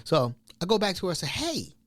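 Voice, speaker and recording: A man's voice: high voice, animated, very fast, dry recording, studio quality. A man hosting a podcast, telling a story casually and animatedly, acting out quotes and sound effects. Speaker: podcast host.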